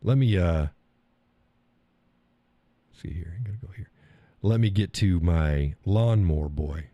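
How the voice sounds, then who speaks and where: A man's voice: deep voice, measured pace, no room sound, highs cut off. Blunt, profane middle-aged man. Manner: blunt and profane, laughing often. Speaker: live stream host. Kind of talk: casual opinionated monologue.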